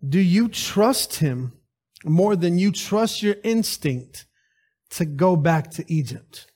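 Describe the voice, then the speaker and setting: A man preaching a lively sermon at a church service, calling out to the congregation with rhetorical questions. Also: high-pitched, takes it slowly.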